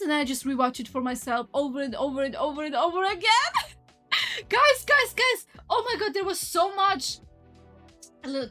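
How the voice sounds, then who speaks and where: Excitable high-voiced woman streamer. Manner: excitable, breaks into high squeals. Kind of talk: casual stream chat over her recap edit.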